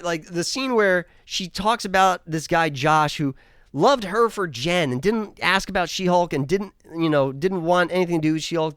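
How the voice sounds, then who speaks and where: A man's voice: a little high, fairly bright tone, clean tone, no room sound, studio quality. A man reviewing a TV episode in a casual, profane, exasperated rant. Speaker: show reviewer.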